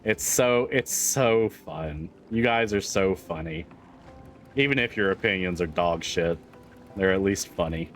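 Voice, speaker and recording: A man's voice: deep voice, a little slow, fairly bright tone, soft background music. A man livestreaming, chatting casually with viewers, laughing often, swearing freely and rambling through restarts. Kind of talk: casual chat with stream viewers.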